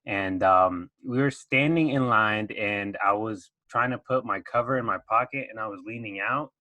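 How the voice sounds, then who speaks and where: Young former-marine host, bright crisp voice, dry close sound, chatty storyteller. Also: male voice, fairly low pitch, moderate pace, no echo. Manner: laughs through his stories, acts out shouting drill instructors. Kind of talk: casual storytelling chat.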